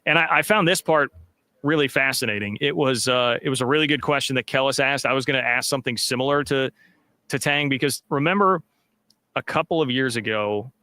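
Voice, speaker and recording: Bright, upbeat male sports podcast host. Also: medium pitch, a little fast, no echo. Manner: upbeat, filler-heavy, reads sponsor plug. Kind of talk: casual sports chat.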